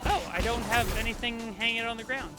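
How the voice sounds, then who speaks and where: A woman's voice: on the high side, fairly quick, over loud music. A woman streamer chatting casually while playing a game, talking her thoughts aloud. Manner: chatty, self-deprecating, thinking aloud. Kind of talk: casual gameplay commentary.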